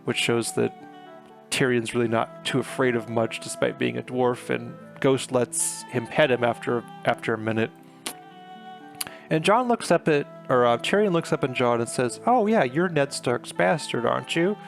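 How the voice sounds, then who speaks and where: A man's voice: mid-range voice, normal speed, gravelly, faint music behind. A man giving a chatty, filler-heavy recap of a novel chapter, retelling scenes with paraphrased quotes. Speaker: book reviewer. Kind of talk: casual book recap.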